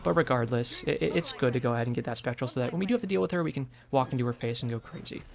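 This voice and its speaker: A young man giving live commentary on his own ranked game, mixing calm strategy talk with excitable trash talk. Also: medium pitch, very fast, vocal fry, background noise. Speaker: gaming streamer.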